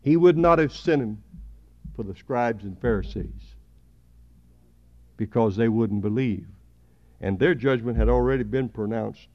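A man preaching a sermon at a church service, emphatic, swelling louder on key words. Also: medium pitch, unhurried, pauses often. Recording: dull lo-fi sermon recording.

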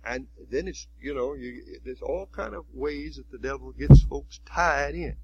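A man's voice: mid-range voice, a little slow, creaky, a little mellow, highs cut off, a little hiss or hum. A man preaching a sermon in a folksy, conversational way, often adding "you see".

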